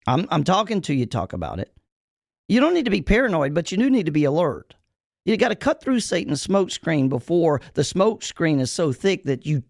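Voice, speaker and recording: A man preaching as a podcast host and pastor, emphatic and folksy, repeating his key lines slowly so they sink in. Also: fairly high pitch, vocal fry, no echo, studio quality. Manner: folksy, addresses listeners as y'all. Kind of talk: preaching-style podcast talk.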